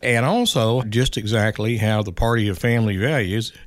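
A middle-aged man giving wry, unhurried political commentary as a regular guest on a radio show. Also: lowish voice, no room sound. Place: radio studio.

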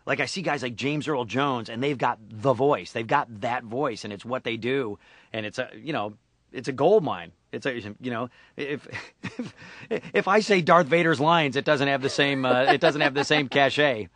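A man's voice: mid-range voice, moderate pace, fairly bright tone, dry recording. Playful man joking in an interview. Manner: playful, joking, laughs often. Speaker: voice actor guest. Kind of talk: casual radio interview. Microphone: studio microphone.

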